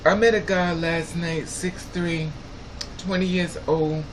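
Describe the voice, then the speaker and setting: A man's voice: fairly high pitch, level tone, takes it slowly. A man hosting a live stream in casual, blunt and profane chat, laughing often. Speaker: livestream host. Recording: clear background noise with passing traffic.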